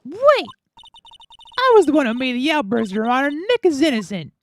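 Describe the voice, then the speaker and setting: A streamer voicing an excitable young female spirit medium in a game, reading her lines in a high, pleading voice. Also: quick pace, soft background music. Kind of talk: reading game dialogue aloud.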